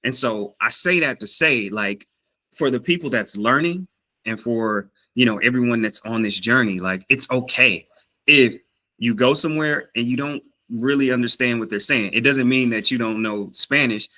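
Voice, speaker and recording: A man with a Southern US accent and a medium-pitched voice talks at a normal speed in a low-quality recording. He's casually vlogging about learning a language, telling an animated story full of fillers and restarts and acting out the voices of people he quotes.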